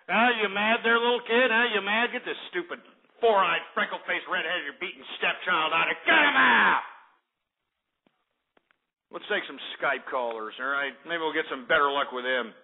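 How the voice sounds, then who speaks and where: High-voiced ranting talk radio man. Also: steady tone, moderate pace. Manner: ranting, insulting, hangs up on callers. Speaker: call-in radio show host. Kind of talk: abrasive call-in show hosting. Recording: lo-fi phone-like internet radio audio.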